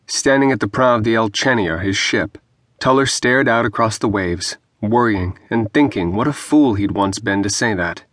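A man narrating a fantasy novel in a measured, even storytelling manner on a close studio mic. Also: fairly low pitch, no echo. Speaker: audiobook narrator. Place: dry recording booth.

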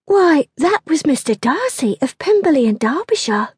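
Storybook figure: woman doing a fluttery young maid, pitched well up, eager and apologetic. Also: big pitch swings, normal speed, no echo. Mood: eager, anxious. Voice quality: high, breathless.

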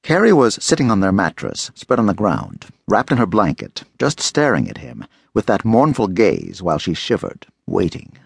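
Gravelly, husky male audiobook narrator. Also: deep voice, normal speed, few pauses, dry recording, clean studio sound. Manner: expressive, dramatic storytelling.

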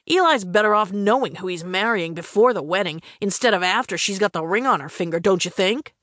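A woman's voice: mid-range voice, animated, a little fast, a bit bright, dry recording, studio quality, lightly acted. A woman voicing a hot-headed, reckless young man in an audiobook, with a lazy, coaxing drawl. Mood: coaxing, dismissive. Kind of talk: audiobook character voice.

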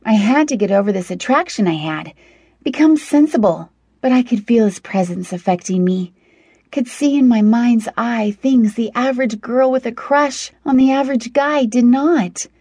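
A woman's voice: fairly high pitch, normal speed, dark tone, husky, no room sound. A woman reading a first-person novel aloud as an audiobook narrator, in a wry, conversational storytelling manner.

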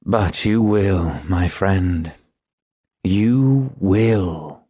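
A man voicing a bald, hard-drinking male playwright who makes slow, deliberate, solemn pronouncements in an audiobook. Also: medium pitch, lively intonation, no echo. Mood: grave. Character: boozy bald male playwright, melancholy and boastful.

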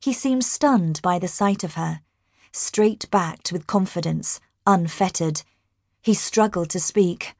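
A woman narrating an audiobook in a measured, even manner. Her voice sits a little low and she reads unhurriedly, in a dry, close recording. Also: dry recording. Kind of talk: scripted narration.

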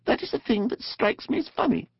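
A man voicing a timid, excitable small male mole in a high, squeaky, gasping voice for a storybook reading. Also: a little fast, creaky, husky, dry recording, exaggerated voice. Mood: curious. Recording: dull dry studio recording.

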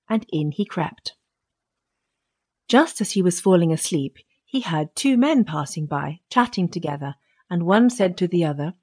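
A woman narrating a children's fairy tale audiobook in a steady storytelling manner. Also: lowish voice, normal speed, slightly rough.

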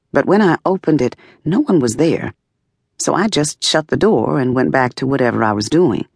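A woman reading a memoir aloud as an audiobook, in a measured, expressive first-person narration. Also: a bass voice, dry recording, studio quality. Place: dry recording booth. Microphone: close studio mic.

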